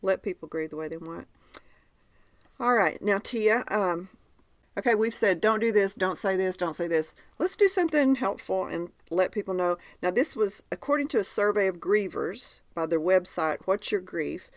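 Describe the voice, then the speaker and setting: A woman's voice: medium pitch, animated, normal speed, no echo. A woman hosting a podcast, telling stories in a chatty way and steering the conversation. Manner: chatty storyteller, leads the segment. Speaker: podcast host. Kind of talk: casual chat.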